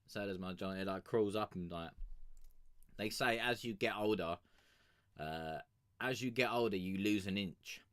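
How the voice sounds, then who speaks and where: A man's voice: lowish voice, moderate pace, long pauses, a bit bright, no echo, clean studio sound. A man chatting casually and crudely with his live-stream audience, rambling and joking on a sugar rush. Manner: profane, rambling, joking banter with chat. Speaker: music review streamer.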